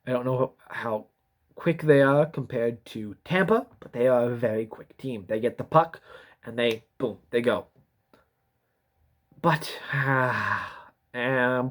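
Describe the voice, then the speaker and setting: A man's voice: mid-range voice, slow. A young man in a casual vlog, rambling and repeating himself as he talks through a prediction, yawning now and then. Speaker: YouTuber giving sports predictions.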